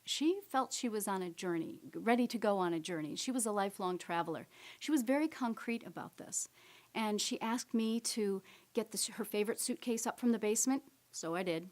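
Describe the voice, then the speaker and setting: A middle-aged woman telling a personal story from the stage during a keynote. Her pitch sits in an ordinary middle range, and her delivery is gentle. She sinks into soft whispers when the story turns tender. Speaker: keynote speaker. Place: stage presentation.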